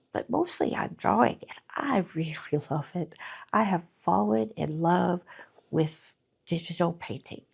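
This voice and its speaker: A middle-aged woman talking slowly and from the heart in a personal vlog, often pausing to search for words, at times teary-eyed. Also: lowish voice, vocal fry, a little mellow, breathy edge. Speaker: artist vlogger.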